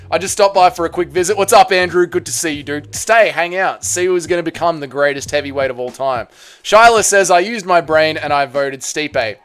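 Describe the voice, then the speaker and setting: Excitable high-voiced man hosting a live stream. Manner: excitable, calls out vote counts, banters with chat. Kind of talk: casual live stream chat.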